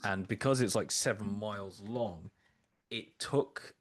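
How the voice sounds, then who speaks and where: A man's voice: on the low side, measured pace. A man chatting casually on a podcast, telling anecdotes and acting out quotes. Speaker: podcast co-host. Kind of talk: casual storytelling chat.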